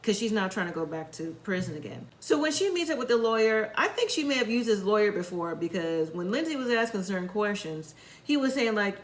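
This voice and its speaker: A woman's voice: medium pitch, big pitch swings, a little fast. Woman, casual show recap, chatty and opinionated, roomy echo. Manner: chatty, opinionated, acts out quotes.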